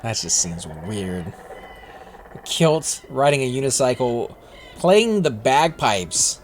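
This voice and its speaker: A man's voice: mid-range voice, big pitch swings, slow pace, slight background noise. A man hosting a gaming video, chatting casually and joking with a friend while he plays. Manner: laid-back, joking, musing aloud. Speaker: gaming channel host. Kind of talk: casual chat while playing a game. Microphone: desk microphone.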